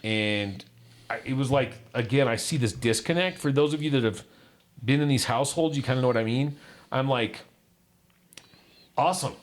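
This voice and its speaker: Man, candid storyteller, mid-pitch, voices quotes, sinks low on painful memories. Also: a little fast. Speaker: guest. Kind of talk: personal storytelling.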